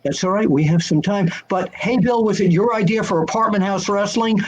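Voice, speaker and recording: An older man telling wrestling-magazine stories on a video call, lively and acting out the voices of people he quotes. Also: high-pitched, brisk, a little hiss or hum, poor audio. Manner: animated, acts out quoted voices. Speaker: guest answering fan questions. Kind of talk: casual storytelling chat.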